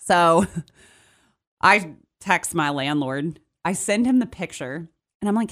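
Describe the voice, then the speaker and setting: A young adult woman co-hosting a podcast, telling a story in casual chat with animated delivery. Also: low-pitched, moderate pace. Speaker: podcast co-host.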